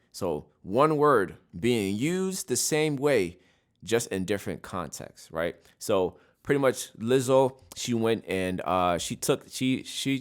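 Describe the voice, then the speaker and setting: A man hosting a casual solo podcast, talking through his opinions and often checking in with "right?". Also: deep voice. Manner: opinionated, repeats "right?" often, frequent restarts. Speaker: podcast host.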